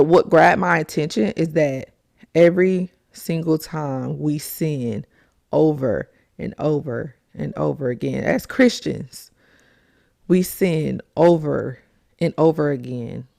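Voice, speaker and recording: Gravelly low-voiced woman preaching. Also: dry recording, clean studio sound. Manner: animated, emphatic storytelling with acted-out quotes. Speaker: podcast host. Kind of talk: faith talk monologue.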